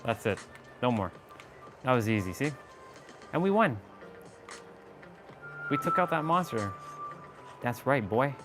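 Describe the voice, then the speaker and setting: A man's voice: medium pitch, big pitch swings, measured pace, pauses often, over music, low-quality recording. A man chatting casually on a live gameplay stream, swearing and joking as he taunts enemies in the game. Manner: playful trash talk at enemies, swearing, joking.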